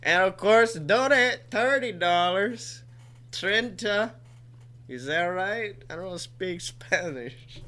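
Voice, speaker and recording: Bright-voiced joking podcast man. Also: high voice, expressive, slow. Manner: jumps into silly put-on voices and laughs often. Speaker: podcast co-host. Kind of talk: casual comedic banter.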